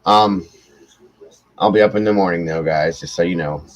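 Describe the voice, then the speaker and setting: A man's voice: low-pitched, moderate pace, rough recording. A man hosting a late-night livestream, tired after hours on air, telling rambling, profane stories in casual chat. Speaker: livestream host.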